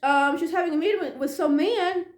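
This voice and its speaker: A woman telling a ghost story in a casual, animated way, acting out the dialogue and sometimes dropping to a hush. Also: very high voice, a little fast, roomy sound. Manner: animated, acts out dialogue, drops to hushed tones.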